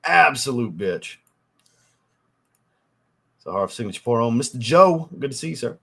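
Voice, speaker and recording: A man's voice: mid-range voice, expressive, normal speed, vocal fry, a bit bright, breathy edge. A man hosting a fragrance livestream, chatting casually with viewers and reading their comments, loose and profane, getting over a cold. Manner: loose and profane, swears often.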